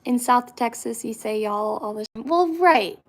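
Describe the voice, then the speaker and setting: Young woman vlogging, kinda high voice, rambly and chatty, lots of likes and restarts. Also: lively intonation, moderate pace. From Central Florida, US. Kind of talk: casual chat to camera.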